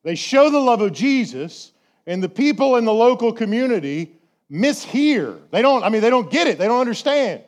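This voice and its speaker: A pastor preaching a sermon, chatty and full of rhetorical questions, slowing down to stress key words. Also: male voice, very high-pitched, big pitch swings.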